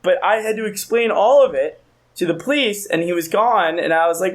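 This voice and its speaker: A man's voice: sits high, moderate pace. A young man in his twenties co-hosting a podcast, telling a rambling, profane story in casual chat. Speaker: podcast co-host.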